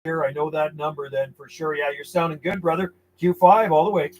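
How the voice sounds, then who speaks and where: A man with a fairly high, fairly even voice, speaking a little fast, works as a CB radio operator from his home station on an island off western Canada. He calls out call signs and answers distant contacts with clipped calls and friendly sign-offs, with loud radio static behind him.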